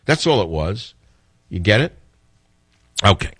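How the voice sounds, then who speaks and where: A middle-aged man hosts a talk radio call-in show in a very low voice. He talks bluntly and with strong opinions, and he often chuckles. The sound is close and dry. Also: sing-song, unhurried, a bit bright, breathy edge, dry recording.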